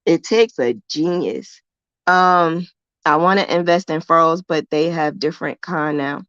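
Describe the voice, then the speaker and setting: A woman's voice: sits low, a little slow, fairly bright tone, no room sound. Woman, crochet teacher, casual livestream, emphatic and chatty, dull muffled sound. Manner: chatty and emphatic, blunt and self-assured; colloquial, repeats herself for emphasis.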